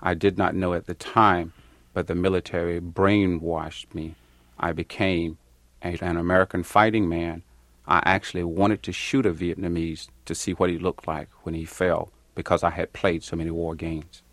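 A man from Georgia, an army veteran, speaking plainly and in a measured way about his service. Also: deep voice, level tone, fairly bright tone, dry recording. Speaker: Vietnam veteran, army infantryman. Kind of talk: reflective interview testimony.

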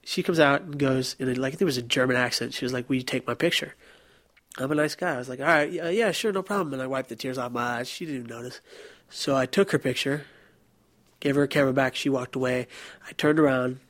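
A man's voice: medium pitch, fairly even intonation, fairly bright tone, dry recording. Earnest young man telling his story. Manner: earnest, emotional, halting. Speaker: interviewee. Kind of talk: recounting personal story.

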